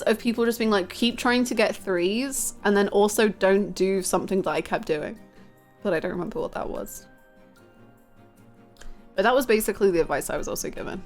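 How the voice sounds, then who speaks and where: Chatty woman streamer over faint game music. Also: medium pitch. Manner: chatty, self-mocking, reads and answers chat aloud. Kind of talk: casual live-stream chat while gaming.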